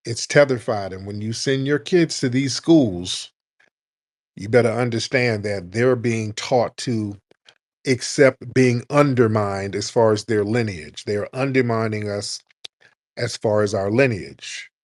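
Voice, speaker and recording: A man's voice: lowish voice, unhurried. Guy hosting a call-in show, preachy and emphatic, hammers the same points over and over. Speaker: host. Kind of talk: live call-in talk show.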